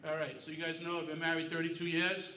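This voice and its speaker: A middle-aged man doing a stand-up comedy set on a club stage, telling deadpan, self-mocking stories. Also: on the high side, quick pace, roomy sound, distant mic, a little hiss or hum. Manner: deadpan storytelling, self-mocking one-liners.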